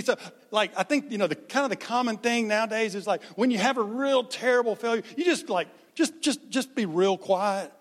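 A man's voice: high-pitched, long reverb tail. A man giving a sermon as pastor, talking conversationally and acting out the people in the story. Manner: conversational, animated, acts out quotes.

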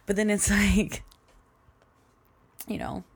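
Chatty young woman with a gravelly edge. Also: medium pitch, steady tone, takes it slowly. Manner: chatty, rambling, laughs often. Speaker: podcast host. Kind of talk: casual solo podcast storytelling.

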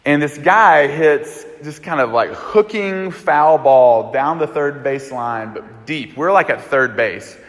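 A pastor delivers his sermon like a chatty story told to friends, animated and loose. His man's voice sits fairly high for a man. The sound carries a long echo from a large hall. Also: slow pace, hardly any pauses. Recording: echoey hall.

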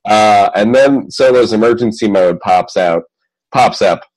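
A man's voice: on the low side, unhurried, a little mellow, low-quality recording. A man casually recapping a film's plot in a chatty, joking way, rambling and laughing often. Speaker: podcast co-host recapping a film. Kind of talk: casual chat.

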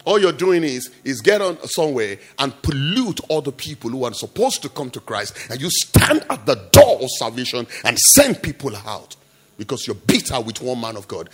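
A male pastor preaching an impassioned sermon, jumping between quiet asides and loud rebukes full of rhetorical questions. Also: mid-range voice, sing-song, normal speed, breathy edge.

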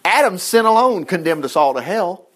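A man preaching a sermon, telling scripture stories in a folksy, animated way with asides and chuckles, swooping from excited high bursts to low quiet remarks. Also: normal speed.

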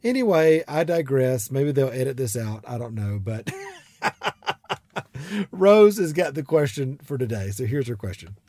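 Speaking a little slowly in an animated, medium-pitched voice, this Southern-accented podcast host from South Georgia, USA, who also mentors artists, rambles warmly through casual chat full of fillers and laughter. The recording is dry, made on a studio microphone in his studio.

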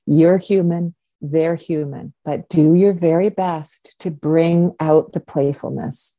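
A woman's voice: low-pitched, steady tone, slow, mellow, no echo. An older woman co-hosting a parenting podcast, giving playful advice in a casual chat and laughing often. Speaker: podcast co-host, parenting coach.

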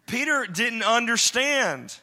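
A man preaching a sermon to a congregation, animated and joking as he acts out quoted lines. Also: very high-pitched, slow. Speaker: pastor.

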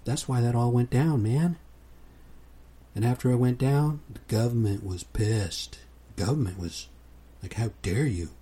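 A man's voice: medium pitch, a little slow, pauses often, dark tone, husky. A man hosting his own podcast in a laid-back, casual monologue, often ending sentences with "man". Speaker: podcast host.

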